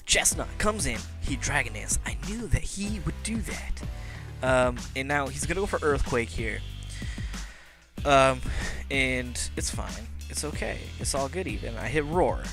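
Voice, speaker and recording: A man giving casual, joking commentary on his game, brash and hyped-up, now and then shouting. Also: mid-range voice, animated, normal speed, music in the background. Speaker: Pokémon league player and video commentator.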